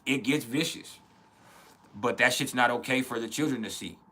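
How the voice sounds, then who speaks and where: Earnest, blunt man with a bright voice. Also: mid-range voice, moderate pace. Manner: earnest, blunt, frequent profanity and restarts. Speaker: podcast host. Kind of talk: casual spoken reflection.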